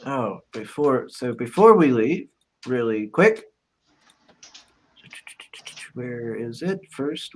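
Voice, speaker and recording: A man hosting a casual livestream, chatting and reading out crowdfunding campaign updates. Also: a little high. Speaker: host.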